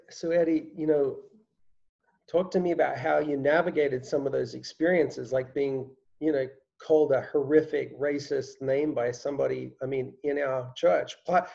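A man, a pastor, interviewing a church member in a gentle, searching way with many conversational fillers. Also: on the high side, fairly even intonation, moderate pace, gravelly, muffled recording.

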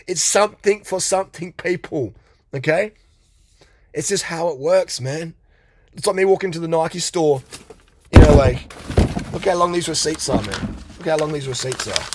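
A man's voice: on the high side, moderate pace, pauses often, husky, no room sound. A middle-aged man giving a blunt, profane motivational rant as a coach, mocking and laughing often. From Australia.

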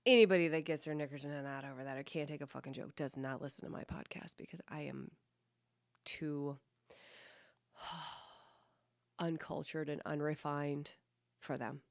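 A woman's voice: deep voice, steady tone, normal speed, pauses often, no echo, clean studio sound. A woman hosting her own podcast, talking casually and bluntly, with lots of swearing and self-deprecating jokes. She also coaches kids in fitness. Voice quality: voice described as a radio voice. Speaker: podcast host. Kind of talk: casual solo podcast monologue.

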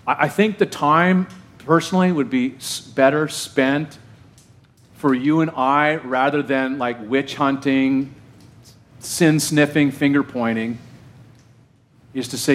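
A man's voice: a little high, a little slow. A male pastor preaching a sermon in an emphatic, conversational way, often asking his congregation questions.

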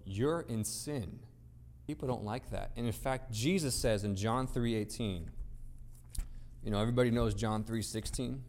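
A man's voice: medium pitch, normal speed, darkish tone. A man preaching a sermon to a gathered audience, speaking emphatically with rhetorical questions and repeated phrases. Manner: emphatic, rhetorical, builds points through repetition. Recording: long reverb of a large hall.

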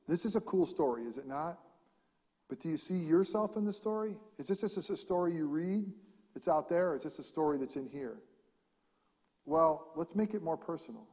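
A man's voice: a little high, darkish tone. A man preaching a sermon as pastor, impassioned, repeating rhetorical questions and building to emphatic peaks. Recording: long hall reverb.

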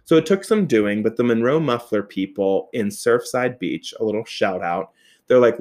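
A man telling a personal story in a casual, animated way, swearing often and laughing as he goes. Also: lowish voice, moderate pace.

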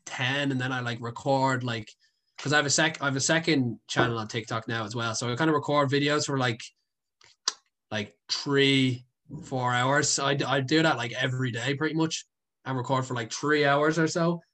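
A man's voice: mid-range voice, steady tone, moderate pace, pushed and bright. Rambling young man. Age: young adult. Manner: rambling, heavy with fillers and swearing, laughs often. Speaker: guest, content creator. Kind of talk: casual storytelling.

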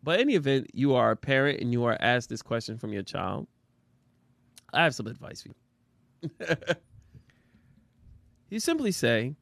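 A man's voice: mid-range voice, big pitch swings, a little slow, vocal fry, long pauses, fairly bright tone, no echo. Laughing, teasing man co-host. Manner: laughs often, teasing exclamations. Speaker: podcast co-host; father of a son and daughter. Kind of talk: casual chat.

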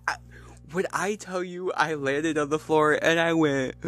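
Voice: medium pitch, flat delivery, measured pace, fairly bright tone. A young adult host telling a comic story in casual talk, swearing freely and repeating phrases for emphasis. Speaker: podcast host.

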